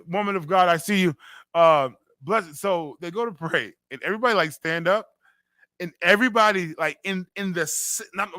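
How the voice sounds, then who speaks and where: A man's voice: high-pitched, sharp tone, no echo. A man from Western New York hosting a casual radio talk show, telling stories animatedly and laughing often. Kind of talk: casual chat.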